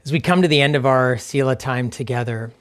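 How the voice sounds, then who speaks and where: A man leading a church service as pastor, guiding a quiet reflection and reading scripture slowly with gentle pauses. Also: medium pitch. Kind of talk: reflective sermon with guided scripture meditation.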